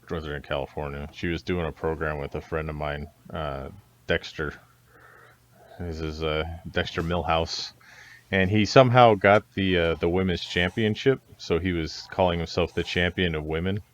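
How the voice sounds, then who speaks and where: Deep-voiced laid-back man. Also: steady tone, moderate pace. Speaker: podcast co-host. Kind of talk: casual chat. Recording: slightly dull, faintly noisy mic.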